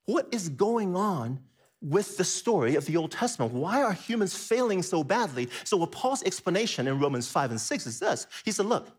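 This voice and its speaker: A man preaching a sermon, asking his listeners questions and repeating phrases, swinging from quiet low stretches to high excited bursts. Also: moderate pace, slightly rough.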